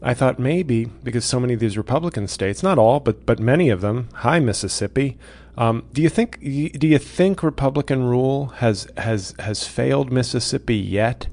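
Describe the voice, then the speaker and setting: Male podcast comic, sarcastic profane rant, gravelly mid-pitched voice. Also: lively intonation, normal speed, a little mellow. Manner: sarcastic, profane, frequent restarts. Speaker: comedian podcast host.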